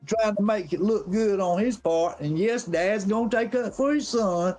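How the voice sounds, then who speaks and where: A high-voiced man with a drawl spins a rambling yarn full of profanity. His delivery is animated and casual, with faint music playing behind him. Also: normal speed. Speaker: guest on a live stream. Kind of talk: casual storytelling.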